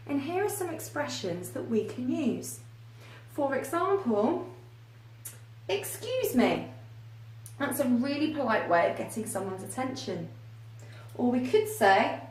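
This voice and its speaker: A woman with a high voice gives an English lesson, saying each example phrase slowly and clearly. She sounds a little distant from the microphone, in a room with a noticeable echo. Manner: slow, careful modeling of example phrases. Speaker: English teacher. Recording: echoey room, voice a little far from the mic.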